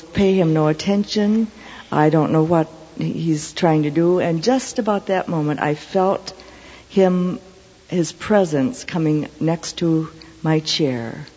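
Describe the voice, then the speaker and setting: A middle-aged woman preacher tells a personal story in an earnest, measured way. Her voice is mellow and slightly breathy. It rings out with a long hall reverb on a dull, lo-fi recording. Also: sits low. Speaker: Christian speaker. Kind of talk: storytelling sermon testimony.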